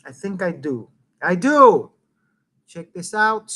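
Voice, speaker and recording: A middle-aged man hosting a casual live stream, rambling and swearing, with loud bursts that drop to muttering. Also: sits high, very animated, slow pace. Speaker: live-stream show host.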